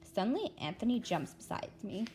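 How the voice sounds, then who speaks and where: A woman's voice: medium pitch, sing-song, a little fast, a little mellow, faint music behind. A woman reading a middle-grade novel aloud, telling it expressively in the first person as a young girl. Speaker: read-aloud narrator.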